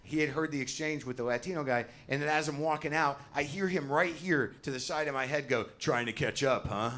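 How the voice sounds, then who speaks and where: A middle-aged man doing a stand-up set on a comedy club stage, ranting and mocking himself with lots of swearing and shouted punchlines. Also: on the high side, fairly quick, noisy background. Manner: ranting, self-deprecating, profane, rising to shouts on punchlines. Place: comedy club stage before a live audience. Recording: live show with loud crowd laughter. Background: audience laughter.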